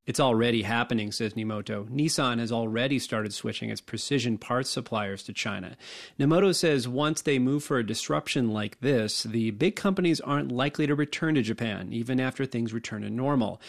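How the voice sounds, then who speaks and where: Gravelly guy doing a scripted news report, clipped and steady. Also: medium pitch, brisk.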